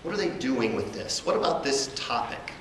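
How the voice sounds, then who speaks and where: Male academic presenter, lecture delivery, deliberate and emphatic, echoey hall with faint room noise. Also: medium pitch, lively intonation, fairly bright tone. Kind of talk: conference lecture.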